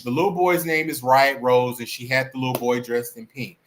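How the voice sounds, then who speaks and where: A man hosting a livestream, chatting in a sassy, animated, playful way about celebrity gossip. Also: medium pitch, brisk, noisy background. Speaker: livestream host. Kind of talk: casual celebrity gossip chat.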